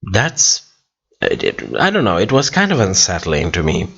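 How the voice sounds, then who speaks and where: Reading comments on a relaxed livestream, a weary male host rambles, restarting often and filling gaps with filler words. His low, slightly bright voice has vocal fry, a breathy edge and huge pitch swings at a normal speed, and the stream sound is dull lo-fi.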